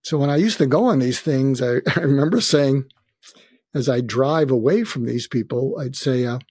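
Gravelly, husky older man telling stories. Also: medium pitch, normal speed, no echo, clean studio sound. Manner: candid, wry, quoting others in lively bursts. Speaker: interview guest, psychiatrist. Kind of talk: reflective storytelling.

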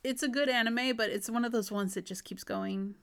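Gravelly-voiced woman in casual chat. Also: fairly high pitch, fairly even intonation, a little fast, a bit bright, a little hiss or hum. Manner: hesitant, restarts often, laughs easily.

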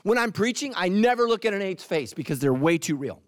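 Lively high-voiced man preaching a sermon. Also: brisk. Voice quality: lively, punchy delivery with playful asides. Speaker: pastor.

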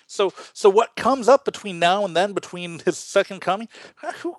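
A man's voice: high voice, expressive, moderate pace, no room sound. A man from Illinois hosting a Lutheran podcast, teaching in a casual chat with earnest, stammering restarts. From Illinois, USA.

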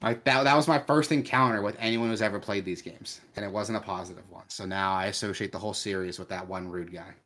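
A young man co-hosts a casual gaming podcast and talks in a voice pitched a little low. He swears freely and gets animated when he tells a story. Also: fast talker, hardly any pauses. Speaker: podcast co-host. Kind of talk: casual gaming news chat.

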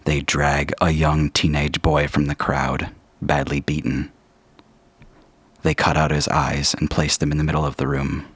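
A man narrating a tabletop game as game master in a measured, descriptive way, with a husky voice. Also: very deep voice, completely flat delivery, fairly bright tone, dry recording.

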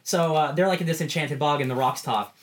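A man's voice: fairly high pitch, a little fast, a little hiss or hum. An enthusiastic man co-hosting a casual podcast, chatting loosely about a comic he liked. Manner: enthusiastic, says dude a lot. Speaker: podcast co-host. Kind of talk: casual book club chat.

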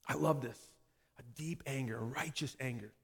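A man in his thirties preaching a sermon as pastor, shifting from lively delivery to quiet, intense passages. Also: mid-range voice, moderate pace, vocal fry, slightly rough. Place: church sanctuary. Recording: long hall reverb.

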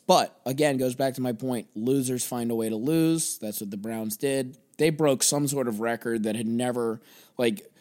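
A man's voice: mid-range voice, darkish tone. Profane rambling man. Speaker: podcast host. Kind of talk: solo sports podcast rant.

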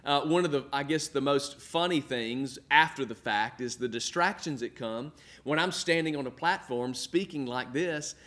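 A middle-aged male pastor preaching a sermon to online viewers from an indoor room, stressing points with repetition and slowing down on key words. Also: mid-range voice, a bit bright. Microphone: filmed for online viewers.

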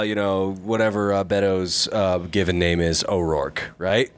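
A man's voice: lowish voice, fairly even intonation, normal speed, hardly any pauses, clean tone. A man co-hosting a casual podcast, ranting with sarcastic indignation. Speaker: podcast co-host.

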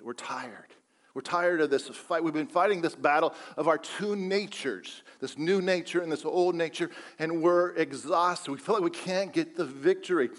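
A man preaching a sermon as pastor, emphatic, repeating phrases and asking the congregation rhetorical questions. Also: fairly high pitch.

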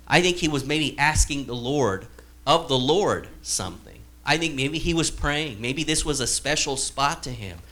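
A man's voice: mid-range voice, pushed and bright. A male pastor giving a conversational sermon, acting out quoted dialogue with a sarcastic edge.

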